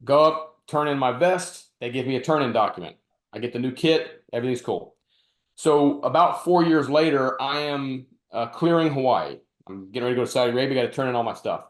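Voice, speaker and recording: A man hosting a casual podcast conversation, a retired army officer telling animated anecdotes and acting out quotes as he goes. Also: mid-range voice, a little fast. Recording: roomy echo.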